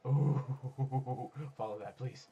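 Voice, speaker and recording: A man doing casual let's-play commentary, excitable, swearing and talking to other players, swinging from low mutters to sudden yells. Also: very slow, slightly rough, dull audio. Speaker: gaming YouTuber. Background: faint background music.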